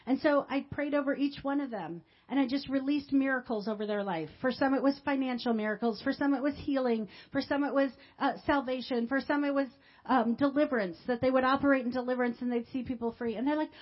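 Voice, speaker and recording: A woman pastor telling a personal testimony in a sermon, with emotional storytelling that swings from quiet to loud. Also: high-pitched, lo-fi sound.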